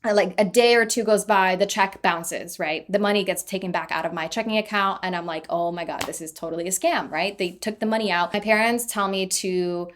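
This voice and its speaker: A young adult woman telling a personal story in a casual vlog, chatty and animated, often laughing at herself. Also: mid-range voice, fairly quick, hardly any pauses. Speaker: vlogger.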